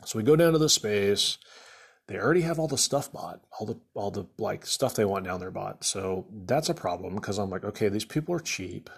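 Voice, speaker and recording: Casual male contractor venting a rambling story, husky and a bit low. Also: expressive, a little fast. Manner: exasperated, rambling, many fillers. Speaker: remodeling contractor.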